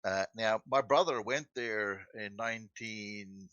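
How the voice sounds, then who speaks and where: Halting male caller, bright lo-fi voice. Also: fairly low pitch, dry recording. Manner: halting, stammering. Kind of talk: call-in chat.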